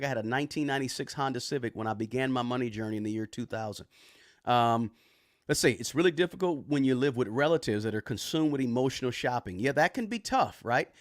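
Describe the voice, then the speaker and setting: A man hosting a personal finance live stream, casually reading viewer comments and shouting out where they tune in from, in a relaxed, conversational way. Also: mid-range voice, dry recording, studio quality. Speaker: personal finance livestream host. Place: home room with record player and bookshelves.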